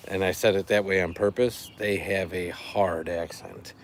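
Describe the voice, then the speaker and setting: A man's voice: sits low, normal speed, hardly any pauses, slight background noise. A middle-aged man from the Chicago area hosting a live stream, chatting casually and rambling a bit with his viewers. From Chicago area, USA. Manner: relaxed, chatty, rambling with fillers. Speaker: livestream host.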